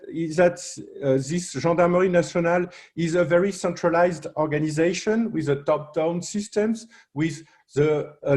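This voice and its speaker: A man with a French accent presenting at a roundtable, pausing often with fillers and restarts. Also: on the high side, darkish tone. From France. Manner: hesitant, many fillers and restarts. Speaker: panel speaker, researcher.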